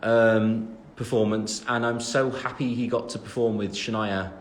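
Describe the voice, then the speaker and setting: Speaking unhurriedly in a lowish voice with little pitch movement, an English man in his twenties chats on a phone livestream and responds to fans. His talk rambles with many fillers, and he keeps making jokes about himself.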